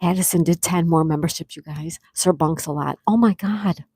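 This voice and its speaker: A woman hosting a live stream, reading chat comments and excitedly thanking viewers, with frequent gasps. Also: on the low side, normal speed, breathy edge, dry recording, clean studio sound. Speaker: livestream host.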